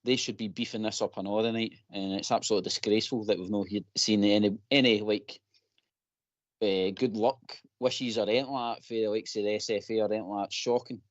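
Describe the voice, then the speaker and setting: A Scottish man on a football fan phone-in speaks in broad local dialect and slides easily into impassioned rants. His voice sits at a middle pitch. The audio is dry and dull, with a lo-fi feel. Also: steady tone, quick pace, dry recording. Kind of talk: casual chat.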